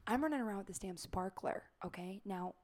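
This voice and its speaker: A young woman co-hosting a podcast in casual chat, with a raspy voice and a loud, animated way of telling stories. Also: medium pitch, brisk. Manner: loud, animated storytelling with sudden squeals. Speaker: podcast co-host.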